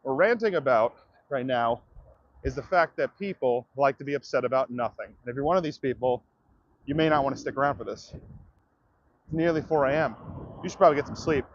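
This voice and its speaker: A man's voice: mid-range voice, a little fast, long pauses, dull audio. A man livestreaming outdoors, ranting to his viewers in a profane, direct way. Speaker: comedian livestreamer. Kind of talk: livestream rant to chat.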